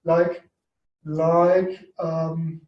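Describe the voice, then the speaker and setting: Man teaching Greek, high mellow voice, hesitant, lots of fillers, echoey room away from the mic. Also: flat delivery, very slow, far from the mic, dull audio. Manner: hesitant, many fillers and restarts. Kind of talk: informal online lesson.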